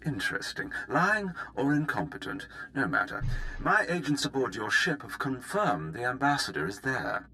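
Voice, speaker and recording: A cold, ruthless Imperial commander from a video game, issuing threats in a clipped, commanding tone. His pitch rises and falls dramatically and his tone is sharp and forceful. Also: very animated, moderate pace, rough recording. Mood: menacing. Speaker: game character.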